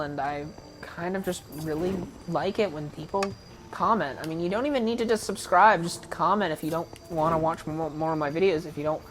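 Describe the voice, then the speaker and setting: An American woman giving casual, rambling gameplay commentary full of ums and restarts. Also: lowish voice. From United States. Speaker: gaming YouTuber.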